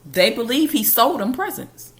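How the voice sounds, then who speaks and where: A woman's voice: on the high side, very animated, moderate pace. A woman hosting a podcast, telling a personal story in a casual, conversational way. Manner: casual and conversational, with loose colloquial grammar.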